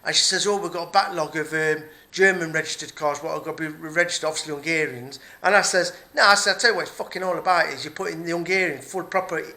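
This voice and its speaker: A man's voice: a little high, fairly even intonation, fast talker, hardly any pauses, pushed and bright. A middle-aged man, ranting angrily and swearing in a personal vlog, repeating himself as he goes. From Britain. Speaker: vlogger. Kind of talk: angry personal rant.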